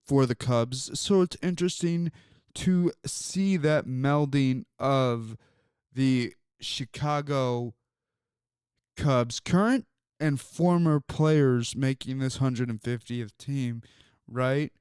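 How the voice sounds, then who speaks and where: A man's voice: mid-range voice, slow pace, a little mellow, clear, resonant tone, no room sound, studio quality. A man hosting a sports talk show, telling stories in a rambling way with many fillers. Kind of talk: casual sports talk monologue.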